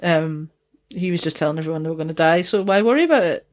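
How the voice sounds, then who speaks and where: Giggly Dundonian woman, lowish voice. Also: animated, fast. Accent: Dundee Scottish with Geordie touches. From Scotland. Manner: giggly, sweary, rambling. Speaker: podcast co-host. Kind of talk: casual chat.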